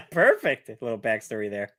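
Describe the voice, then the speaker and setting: A man co-hosting a podcast, chatting casually in a relaxed, easygoing way. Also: mid-range voice, moderate pace, no room sound, studio quality. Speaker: podcast co-host.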